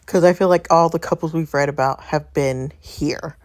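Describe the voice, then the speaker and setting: A woman's voice: low voice, fairly even intonation, moderate pace. A woman chatting casually with viewers between story lines, out of breath. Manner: chatty, addresses viewers as y'all. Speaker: story game reader. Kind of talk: casual chat while reading.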